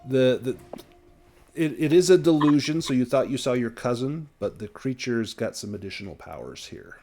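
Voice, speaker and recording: A man acting as game master, narrating a tabletop horror game in a measured, descriptive way. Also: mid-range voice, warm tone.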